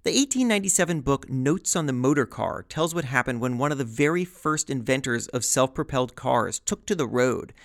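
A man hosting a scripted podcast, narrating with a lively, wry, chatty delivery. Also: medium pitch, fairly quick, creaky, hardly any pauses, dry recording, studio quality. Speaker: podcast host.

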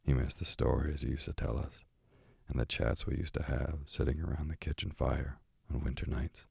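Chatty old parrot read by a man; very low, husky, dark, dry close sound. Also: little pitch movement, moderate pace, no echo, full character voice.

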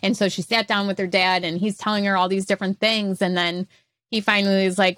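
A woman with a bright, sharp voice recorded close and dry. She co-hosts a podcast and tells her stories in a chatty, casual way. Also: mid-range voice, fairly quick, no echo. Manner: storytelling, chatty. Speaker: podcast co-host. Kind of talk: casual chat.

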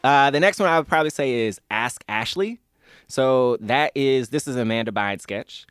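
A man's voice: mid-range voice, animated, moderate pace, fairly bright tone, clean tone, no echo. A man in his thirties chatting as an interview guest, enthusiastic and rambling, laughing often. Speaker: guest, comedy fan. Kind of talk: casual interview chat.

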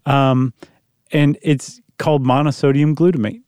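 A man's voice: mid-range voice, steady tone, a little slow, a little mellow, smooth, dry recording. A man with a mid-range voice co-hosting a podcast. He chats casually, teases his partner and explains the history. The sound is dry and close. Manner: joking, explanatory. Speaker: podcast co-host. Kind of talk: casual chat.

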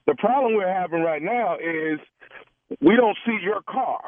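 A man's voice: high voice, lively intonation, normal speed, no room sound. A man making a prank phone call, stammering and pleading as he plays a valet manager. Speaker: prank caller. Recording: tinny phone line.

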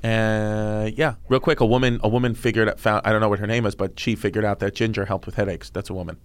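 Fast-talking jokey male podcast co-host. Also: on the low side, little pitch movement, clear, resonant tone. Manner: jokey, rambling, repeats himself. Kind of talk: casual chat.

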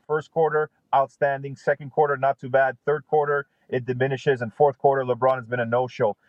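A man's voice: medium pitch, little pitch movement, brisk, no room sound, muffled recording. A man guesting as a basketball analyst, breaking down a game in emphatic, punchy short phrases. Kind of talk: sports talk analysis.

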